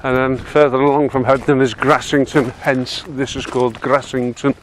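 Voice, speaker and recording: A man's voice: medium pitch, little pitch movement, normal speed. A man with a Yorkshire accent chatting casually as he walks across windy open moorland, self-mocking and laughing often. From Yorkshire, England. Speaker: walking guide vlogger. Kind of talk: casual walking commentary.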